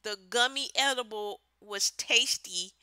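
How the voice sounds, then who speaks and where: A woman's voice: fairly high pitch, a little slow, sharp tone, smooth, dry recording. Blunt, swearing woman ranting on a vlog. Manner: blunt, exasperated, swears freely. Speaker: vlogger.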